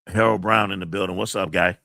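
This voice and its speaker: A man's voice: deep voice, fairly even intonation, brisk, pushed and bright, dry recording, studio quality. Man, livestream host, emphatic, profane, tense edgy voice. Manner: emphatic, profane, candidly venting. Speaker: college teacher and livestream host. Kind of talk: livestream chat, reading viewer comments aloud.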